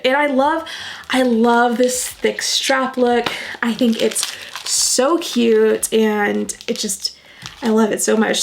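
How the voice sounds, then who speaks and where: A woman's voice: a little high, creaky, a little hiss or hum. A young woman vlogging casually to camera, bubbly and gushing as she talks budgets and unboxes a package.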